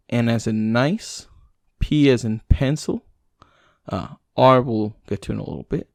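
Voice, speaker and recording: A man, a native English speaker, reading language lesson notes aloud to himself, slowing down over examples. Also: medium pitch, darkish tone, no room sound, clean studio sound. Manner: reads text aloud with fillers and restarts, slow over examples.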